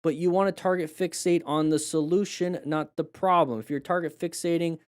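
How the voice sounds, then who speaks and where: A man's voice: fairly high pitch, fairly even intonation, fairly quick, clear, resonant tone. Emphatic man coaching motorcycle riders. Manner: emphatic, repeats key phrases, acts out riders' panic. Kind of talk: live crash-video review, casual coaching.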